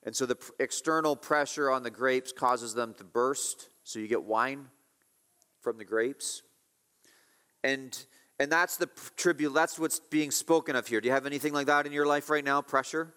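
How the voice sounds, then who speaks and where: Male pastor, mid-pitched, emphatic sermon delivery with repeated key phrases, long hall reverb. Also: moderate pace, sharp tone, clear, resonant tone. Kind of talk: expository sermon.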